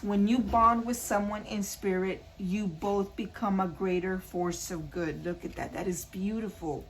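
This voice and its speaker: A woman talks through a tarot reading in a casual, earnest way, circling back to the same phrases again and again as she speaks straight to her viewers. Her voice sits at a middle pitch. A faint hiss runs under the recording. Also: fairly even intonation, measured pace, few pauses. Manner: repetitive, earnest, addresses viewers directly. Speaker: tarot card reader.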